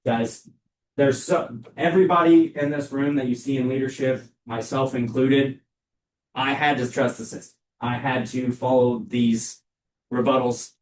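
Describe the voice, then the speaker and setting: A young man giving a live sales training talk to a room of colleagues, with a loud, energetic, emphatic delivery. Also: mid-range voice. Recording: echoey room, mic far off.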